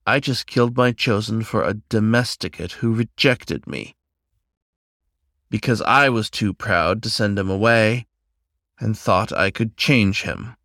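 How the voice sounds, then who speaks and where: Audio story: a proud female dragon matriarch, bitter and subdued, low and dry, as a man reads her. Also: measured pace, a bit bright, no room sound. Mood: bitter, grieving.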